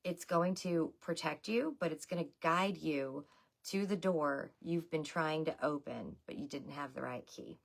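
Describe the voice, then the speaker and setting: This tarot reader has a low-pitched voice with vocal fry and talks a little slowly. Her casual livestream reading is loose and chatty, and she speaks to her viewers as "y'all."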